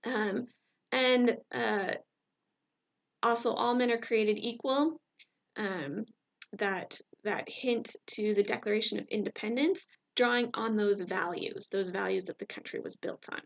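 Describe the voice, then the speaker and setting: A woman's voice: medium pitch, measured pace, vocal fry, dull audio. A woman teacher talking through a recorded lecture in a conversational way, checking in with "right?" and using fillers.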